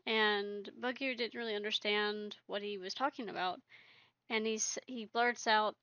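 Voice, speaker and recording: A woman's voice: medium pitch, fairly even intonation, measured pace, pushed and bright, no room sound, muffled recording. Rambling woman narrating a game story. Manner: rambling, filler-heavy. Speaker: video creator.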